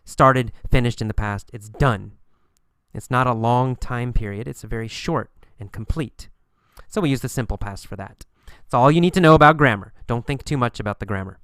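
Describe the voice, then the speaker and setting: A man teaching English in a recorded lesson, speaking slowly and deliberately and repeating phrases for learners. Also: medium pitch, fairly bright tone, smooth, no room sound.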